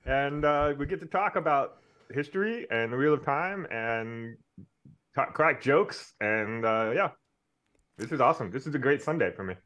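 A man guesting on a talk show, eager and halting, with many fillers. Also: mid-range voice, animated, a bit bright, lo-fi sound. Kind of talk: casual chat.

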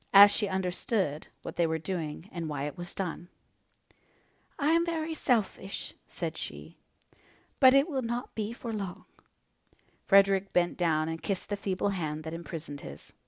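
An audiobook reader, a woman with a lowish voice, narrates a classic novel in a measured, steady, scripted way. The recording is close and dry, with no room sound.

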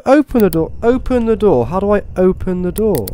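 Excitable man muttering at a horror game. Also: sits high, brisk, clear, resonant tone, no echo. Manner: swears, talks to himself, swings between muttering and excited outbursts. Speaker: gaming YouTuber. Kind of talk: horror game let's play commentary.

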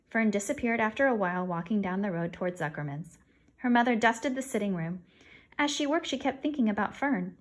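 A woman's voice: mid-range voice, animated, fairly quick. A woman reading a children's chapter book aloud, voicing the dialogue of a mother and a young girl. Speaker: narrator. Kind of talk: audiobook reading.

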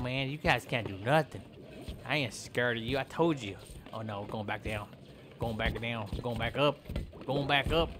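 A man giving loud, goofy commentary while he plays a video game, taunting and yelling at in-game animals. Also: medium pitch, background noise. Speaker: gameplay commentator.

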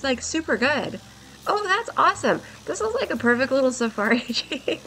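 A young woman giving excited, giggly commentary while playing a game, her voice worn from a long stream. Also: high-pitched, moderate pace, a little hiss or hum. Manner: gushing, giggly, exclaims often. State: voice nearly gone, worn.

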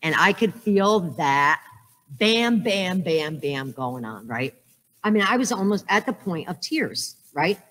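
Woman in her fifties, conference speaker, joking storyteller, lowish voice, long hall reverb. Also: big pitch swings, slow, fairly bright tone. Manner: joking storyteller, frequent "right?". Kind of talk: humorous talk.

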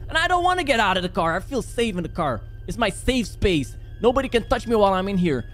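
Animated man narrating a horror game. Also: sits high, fast talker, faint music behind. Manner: animated, joking play-by-play. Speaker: gaming YouTuber.

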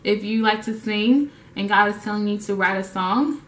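A woman's voice: medium pitch, normal speed. A woman giving a casual devotional talk, reading scripture and playfully acting out the scenes. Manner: playful, acts out scenes with funny voices. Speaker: faith vlogger. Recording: roomy echo.

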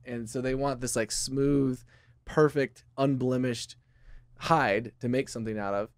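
A man's voice: mid-range voice, steady tone, unhurried, no room sound. A man from Texas, a company founder, chatting as a podcast guest and explaining things earnestly with many fillers. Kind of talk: casual podcast chat.

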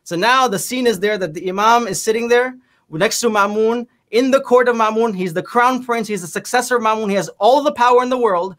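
A man on a religious panel show, retelling a historical story in a lively, vivid way. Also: high voice, a little fast.

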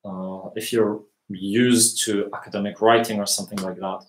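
A man with a northern Norwegian accent, answering viewers' questions in a live language lesson, relaxed and hesitant with many fillers. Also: on the low side, moderate pace, echoey room, low-quality recording.

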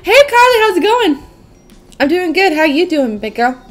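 Young woman, gaming commentary, high lively voice, unhurried, giggly, gushing, faint music behind. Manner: gushing, squealing over cute things, giggly. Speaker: gaming channel host. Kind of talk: casual gameplay commentary.

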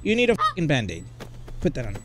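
Loud joking man with Mexican accent. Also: fairly high pitch, wildly swooping pitch, quick pace, slight background noise. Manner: loud, crude, joking, yells in bursts. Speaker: gaming YouTuber. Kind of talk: comedic VR gameplay commentary.

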